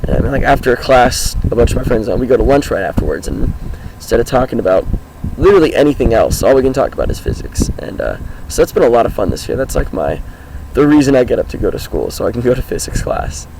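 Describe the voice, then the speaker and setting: A teenage boy talking casually outdoors about his life, with a groggy, hoarse voice and a rambling, upbeat manner. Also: medium pitch, very animated, fast talker, hardly any pauses, background noise. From Washington State, US. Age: teens. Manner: rambling, upbeat, many fillers. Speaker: high school student vlogger. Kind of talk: casual self-introduction vlog. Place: outdoors, sitting on his car.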